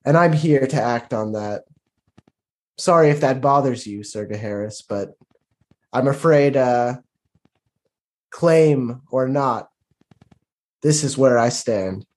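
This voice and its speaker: A man's voice: mid-range voice, takes it slowly, long pauses, darkish tone, lightly acted. A man playing a defiant, lovestruck young knight in a tabletop role-play, speaking bluntly.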